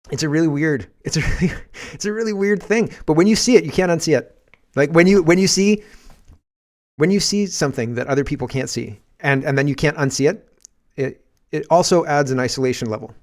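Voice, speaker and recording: A man's voice: a little high, brisk. Rambling Canadian man podcasting. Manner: rambling, animated, shouts when acting out scenes. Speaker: podcast host. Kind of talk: casual political commentary.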